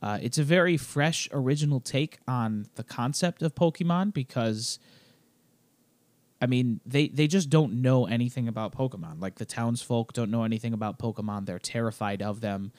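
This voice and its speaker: A man co-hosting a casual podcast chat while a little sick, clearing his throat, explaining things wryly with lots of fillers. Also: mid-range voice, moderate pace, a little mellow, no echo. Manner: chatty, wry, explains game at length with many fillers. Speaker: podcast co-host.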